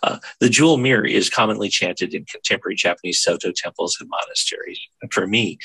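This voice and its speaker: An older man, a Zen teacher and minister, giving a measured, contemplative spiritual reading with frequent fillers. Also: lowish voice, vocal fry, sharp tone, breathy edge, no room sound, poor audio.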